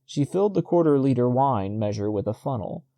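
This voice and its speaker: A male audiobook narrator reading a short story at a steady, measured pace. His voice sits in a middle pitch with a warm, mellow tone. The recording is close and dry. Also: no room sound. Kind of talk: scripted narration.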